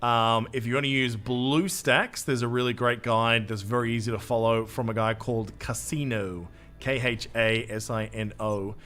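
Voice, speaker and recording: A man's voice: medium pitch, steady tone, normal speed, few pauses, a bit bright. An Australian man streaming a game, chatting casually with his viewers in a jokey, self-mocking way and swearing freely. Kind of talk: live gameplay commentary, reading chat.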